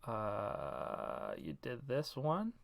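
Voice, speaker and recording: A man's voice: mid-range voice, wildly swooping pitch, drawn-out words, vocal fry. A man running a tabletop game as game master, explaining and narrating with frequent hesitations. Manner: hesitant, many ums.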